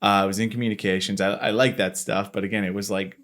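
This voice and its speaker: A man's voice: lowish voice, little pitch movement, fast, a bit bright. A man in his thirties from Florida, hosting a casual interview and rambling through his story with self-mocking asides. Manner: rambling, self-mocking, acts out his own past thoughts. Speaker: podcast host, company marketing lead.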